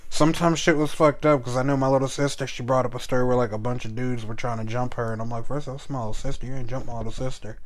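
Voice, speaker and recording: Profane rambling storyteller man. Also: mid-range voice. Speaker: podcast co-host. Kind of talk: casual chat.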